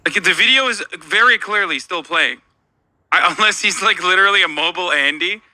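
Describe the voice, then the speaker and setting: A man's voice: sits high, a little fast, pushed and bright, no room sound. A man streaming a reaction video, talking sarcastically to his chat in casual commentary. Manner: sarcastic, talks to chat directly.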